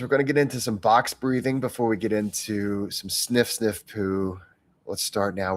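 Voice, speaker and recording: A man leading a guided breathwork session, calmly talking listeners through deep nasal breaths and counting out each phase. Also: moderate pace, dry recording. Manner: calm, soothing guidance with counted breaths. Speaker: breathwork instructor.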